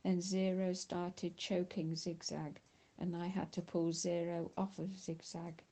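A woman's voice: fairly low pitch, flat delivery, unhurried, mellow. A woman reading the part of a blunt teenage boy camper in an audiobook.

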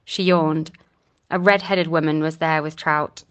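A woman narrating a novel chapter in a steady, measured reading. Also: deep voice, clear, resonant tone. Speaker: audiobook narrator. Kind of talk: scripted narration.

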